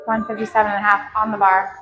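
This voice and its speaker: A woman powerlifter chatting out loud between heavy squat sets, out of breath, in her home garage gym. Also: medium pitch, little pitch movement, fast, faint music behind. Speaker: powerlifting vlogger. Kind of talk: casual mic'd-up training commentary. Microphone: clip-on mic.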